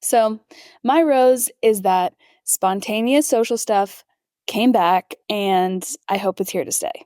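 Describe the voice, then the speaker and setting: A woman's voice: medium pitch, takes it slowly, darkish tone, dry recording, clean studio sound. A young woman co-hosting a podcast in casual chat, upbeat and enthusiastic, using fillers as she talks. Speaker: podcast co-host.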